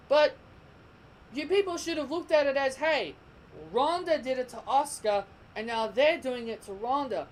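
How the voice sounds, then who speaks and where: Heated and opinionated, a young Australian wrestling vlogger rants on, repeating points and restarting sentences. His very high-pitched voice moves at normal speed, and the rough recording has slight background noise.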